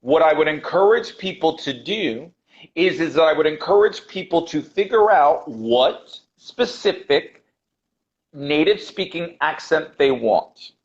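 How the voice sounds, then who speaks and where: An American man with a high voice speaks emphatically as a guest on a video call, pressing his points and repeating them for weight. He is an English teacher who calls his host brother. The audio is dull and lo-fi, as call audio often is. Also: animated, measured pace. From United States. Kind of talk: passionate interview talk.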